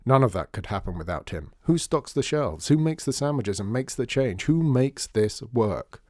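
A man's voice: mid-range voice, lively intonation, normal speed, dark tone, no room sound, clean studio sound, lightly acted. A man doing an earnest, persuasive grown man. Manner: earnest, rhetorical. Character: persuasive genial grown man, shopkeeper's friend.

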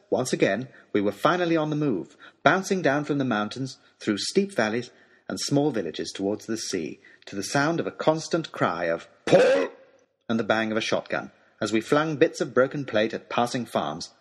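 Wry, husky male storyteller. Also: medium pitch. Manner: dry, wry storytelling with lively inflection. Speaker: audiobook narrator. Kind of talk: scripted storybook narration in letter form.

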